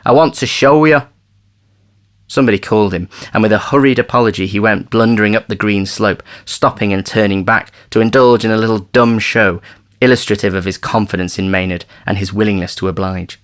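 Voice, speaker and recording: A man reading a novel aloud as an audiobook narrator, measured and steady. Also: on the low side. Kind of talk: scripted narration.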